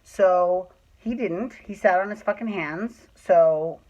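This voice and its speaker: A man's voice: high voice, slow pace, a little mellow, dull audio. A man telling a personal story in a casual, chatty way, swearing freely and acting out what people said. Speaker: storyteller host.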